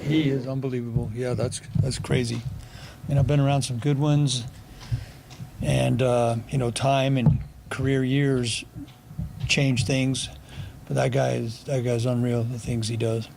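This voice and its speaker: A man's voice: medium pitch, flat delivery, a little slow, vocal fry, a little mellow, a little hiss or hum. A middle-aged man, a football coach, answering reporters' questions at a press conference in a blunt, dry way. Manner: blunt, dry, with sarcastic humor. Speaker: football offensive coordinator.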